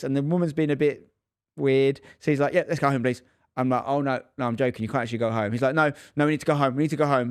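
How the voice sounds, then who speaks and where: A man's voice: medium pitch, no room sound, studio quality. A man co-hosting a casual podcast chat, telling a story and acting out the people in it. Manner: animated storyteller acting out quotes. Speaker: podcast co-host, dad.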